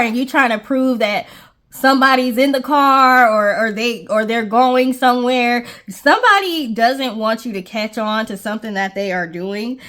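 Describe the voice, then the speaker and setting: A woman's voice: fairly high pitch, fairly bright tone. A woman giving a casual tarot reading to viewers, reassuring and checking in with "okay?" often. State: briefly out of breath. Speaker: tarot reader.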